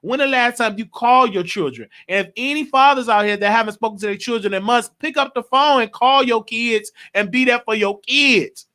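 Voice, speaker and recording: A young man in his late twenties hosts a casual gossip show with a high, sharp, bright voice. He rambles and gets openly emotional, going on and on in an unpolished, heartfelt way. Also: normal speed, few pauses. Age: late 20s. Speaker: show host.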